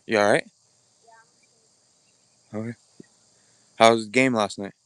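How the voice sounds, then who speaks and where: A man's voice: on the low side, steady tone, unhurried, fairly bright tone, smooth, no echo. A man hosting a casual bowhunting livestream outdoors, chatting bluntly with viewers and greeting them by name, recorded on a camera mic without a separate microphone. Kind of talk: casual live-stream chat. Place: outdoors at an archery practice spot. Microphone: camera or phone mic without external microphone.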